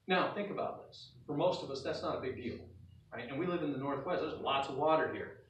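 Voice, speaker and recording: Folksy preacher in a roomy hall. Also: male voice, medium pitch, a little fast, distant mic. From North Idaho. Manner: folksy storytelling, acting out scenes. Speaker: pastor. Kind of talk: sermon. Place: church sanctuary.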